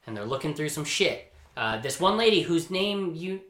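A man's voice: a little high, big pitch swings, moderate pace, a bit bright. A man on a podcast recapping a movie in a rambling casual way, acting out the characters' lines. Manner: rambling storyteller, acts out quotes. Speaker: podcast co-host. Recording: roomy echo.

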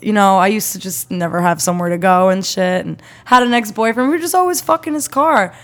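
A young woman in casual chat, reacting fast with jokes and then telling her own story. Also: medium pitch. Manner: quick reactive asides and jokes.

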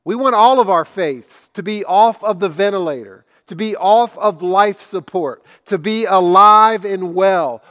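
A middle-aged male pastor delivers a sermon in a high, bright voice. He tells stories slowly and leans on his key words. The voice carries a long reverb, as in a large hall. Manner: slow, emphatic preaching with storytelling.

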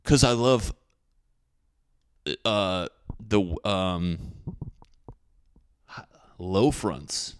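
A man's voice: sits low, extremely slow, pauses often, slight background noise. Rambling, profane podcast man. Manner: rambling, profane, self-mocking. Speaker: podcast host. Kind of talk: rambling solo podcast monologue. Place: his apartment.

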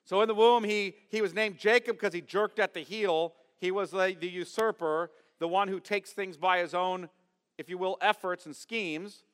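A man preaching a sermon as pastor, emphatic, asking his congregation questions and swinging from loud stress to quiet asides. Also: high voice, steady tone, normal speed, clean tone, long reverb tail. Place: church sanctuary.

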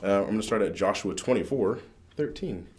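A man co-hosting a podcast, reading scripture and then chatting about it in a relaxed way with fillers and laughs. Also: on the low side, a little fast. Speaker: podcast co-host. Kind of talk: casual faith chat and scripture reading.

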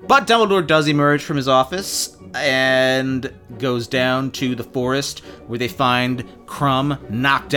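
A male podcast host giving a sardonic, profane chapter-by-chapter recap with quick asides. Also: medium pitch.

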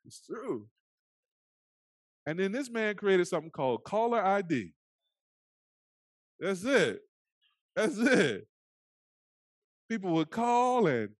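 A man preaching a sermon as pastor, earnest, often dropping to soft hushed phrases. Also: a little high, no room sound. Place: church sanctuary.

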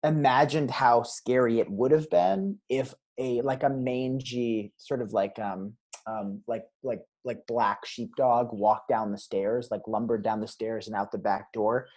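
A man as a guest on a casual podcast interview, rambling through animated stories. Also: medium pitch, unhurried. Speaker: guest filmmaker.

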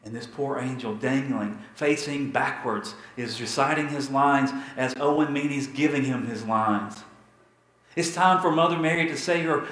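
A man pastor telling a story in a sermon, dramatic and repetitive, with emphatic pauses. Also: fairly high pitch, a bit bright, echoey room, poor audio.

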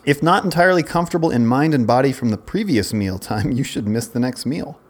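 A man's voice: mid-range voice, expressive, brisk, a little hiss or hum. A man in his forties, a podcast co-host, telling a long rambling story in casual chat, often breaking off and restarting. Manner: rambling, self-interrupting storyteller.

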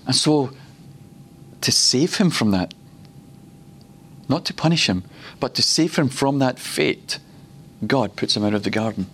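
A man's voice: medium pitch, lively intonation, a bit bright, breathy edge. Man from Glasgow preaching a teaching sermon. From Glasgow, Scotland. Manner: storytelling, slows down and repeats words for emphasis. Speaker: preacher teaching a ministry school session.

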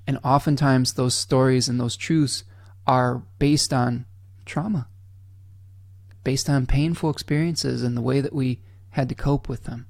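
A man's voice: mid-range voice, fairly even intonation, a little slow, gravelly, no room sound, studio quality. A man hosting an astrology livestream, talking earnestly and candidly, often checking in with his listeners. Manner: candid and blunt, drops mild swears; emotional, softening to near-whisper at times. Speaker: astrology channel host.

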